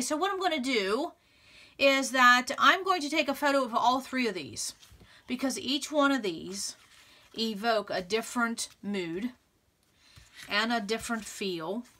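A woman hosting a scrapbooking video, chatting excitedly and thinking aloud as she arranges papers, laughing often. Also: on the high side, a little slow, pauses often. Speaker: scrapbooking channel host. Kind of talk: casual crafting tutorial chat.

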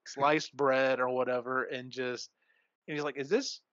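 A man's voice: medium pitch, level tone, a little slow, a bit bright, no echo. A man hosting a podcast, casually retelling a book's plot in a rambling way full of fillers and restarts. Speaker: podcast host. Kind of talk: casual book discussion. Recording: dull lo-fi recording.

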